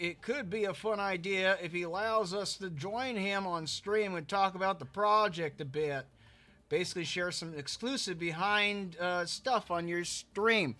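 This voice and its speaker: A man's voice: high-pitched, bright, forceful tone. A man hosting a casual drawing live stream, rambling and repeating words as he reads chat aloud. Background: faint background music.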